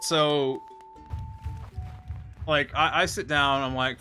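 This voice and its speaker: A man in casual chat on a stream, ranting his way through a story with plenty of swearing. His voice is bright and forward at a middling pitch, and faint music plays underneath. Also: unhurried, long pauses.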